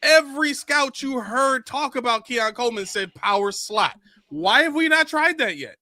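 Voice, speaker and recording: A man's voice: extremely high pitch, animated, moderate pace, pushed and bright, dry recording. A man co-hosting a sports show, reading a viewer's comment and pushing back on it. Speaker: podcast co-host. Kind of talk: casual sports talk.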